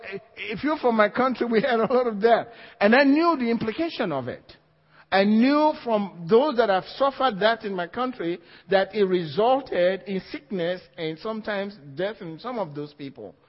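A man's voice: high voice, animated, moderate pace. A man preaching a sermon to a congregation, emphatic and repeating his key phrases, with little laughs between points. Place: church hall. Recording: dull lo-fi, long hall reverb.

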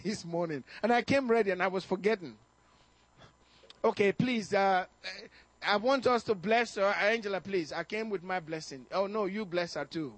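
A male pastor preaching a fervent sermon to his congregation, exhorting them with bursts of shouting and chuckles. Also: high voice, dry recording. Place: church service.

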